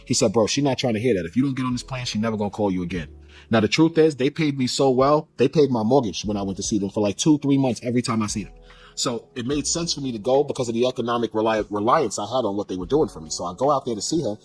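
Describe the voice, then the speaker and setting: A man telling a personal story in a casual, animated way, acting out the dialogue as he goes. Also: mid-range voice. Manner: fast, animated retelling with quoted dialogue.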